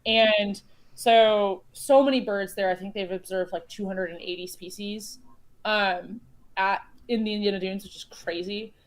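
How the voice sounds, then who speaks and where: A woman's voice: mid-range voice, fairly even intonation, unhurried. Rambling woman telling stories. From United States (Chicago). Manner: rambling storyteller, many fillers and restarts. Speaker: guest. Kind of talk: casual chat while playing a board game.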